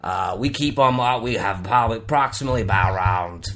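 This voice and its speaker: A man playing a rambling wrangler of mythical creatures in an improvised comedy interview, halting with many fillers and calling people "mate". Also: fairly low pitch, fairly bright tone, close to an everyday voice.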